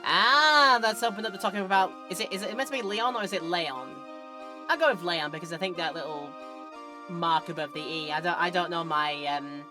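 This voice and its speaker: Woman streamer, lowish voice, playful rambling game commentary over music.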